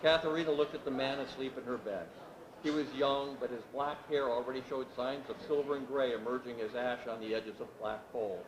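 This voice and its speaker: A man reading his novel aloud at a literary event, with steady, measured narration. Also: medium pitch, a crowd in the background. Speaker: author reading his work. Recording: echoey room with background noise.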